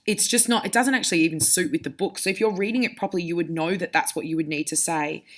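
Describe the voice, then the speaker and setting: A woman's voice: lowish voice, quick pace. Woman teacher explaining reading aloud. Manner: explanatory, demonstrative. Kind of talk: reading lesson for pupils.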